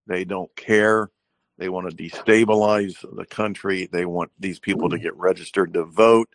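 A man calls in to a talk radio show with a very low voice. He speaks plainly and grimly and tells a story to make his point. His voice sounds dry and close. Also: steady tone, normal speed, no room sound. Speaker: caller.

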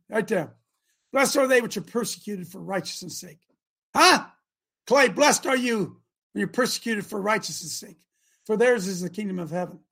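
A middle-aged man hosting a live talk show, preaching fervently to his audience with rhetorical questions and sudden shouted bursts. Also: sits high.

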